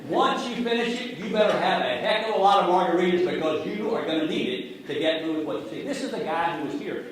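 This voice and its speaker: Sarcastic man lecturing in an echoey hall. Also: a little high. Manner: sarcastic, jokey, addresses the audience directly. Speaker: speaker giving a talk on finance. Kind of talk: sarcastic lecture to a live audience. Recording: echoey hall from far off, noisy.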